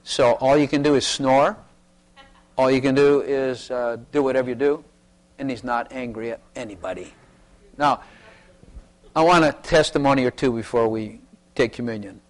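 A man's voice: mid-range voice, moderate pace, pauses often. A man pastor preaching a sermon and calling for testimonies, talking in an emphatic way that repeats its points.

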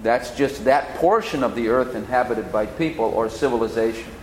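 A man teaching the Bible in sermon style, slowly explaining and repeating key phrases. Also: medium pitch, a little mellow. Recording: echoey hall, faint noise.

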